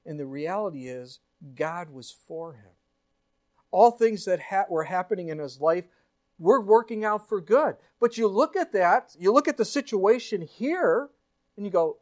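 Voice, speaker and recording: A man's voice: sits high, sing-song, normal speed, a little mellow. A man, a pastor, preaching a sermon in an earnest way, full of rhetorical questions and acted-out quotes. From United States.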